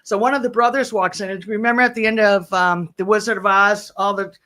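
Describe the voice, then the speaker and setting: Middle-aged woman telling lively stories. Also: medium pitch, brisk. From Irish Catholic family of ten kids. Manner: lively anecdotes with acted-out quotes and laughter. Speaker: justice of the peace, guest. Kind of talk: casual radio chat, storytelling.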